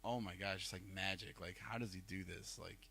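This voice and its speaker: A man's voice: low voice, steady tone, fairly quick, vocal fry, pushed and bright. A man with a Northeast Ohio accent, hosting a casual podcast and telling rambling stories full of fillers. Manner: rambling storyteller, filler-heavy. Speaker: podcast host. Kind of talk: casual chat.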